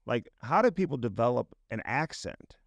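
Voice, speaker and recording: A man's voice: mid-range voice, sing-song, normal speed, vocal fry, no echo, studio quality. A man co-hosting a podcast, laid-back and curious, asking lots of questions in casual chat. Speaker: podcast co-host.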